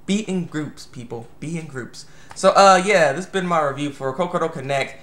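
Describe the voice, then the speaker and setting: A young man reviewing an anime episode in a rambling, excitable way, full of restarts and fillers. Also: on the high side, a little fast, echoey room. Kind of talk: casual video review.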